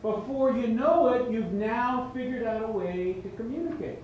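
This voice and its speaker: Telling funny stories and performing the dialogue, this motivational speaker talks to a live seminar crowd in a big event room. He has a very high-pitched, somewhat mellow voice at normal speed, with the highs cut off. The audio is distant and echoey, with a little faint noise.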